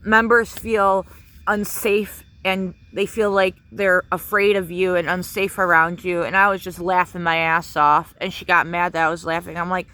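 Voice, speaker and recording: A woman's voice: fairly low pitch, little pitch movement, moderate pace, pushed and bright. A woman in a casual vlog rant, angry and profane, full of fillers like "um" and "like.". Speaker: vlogger.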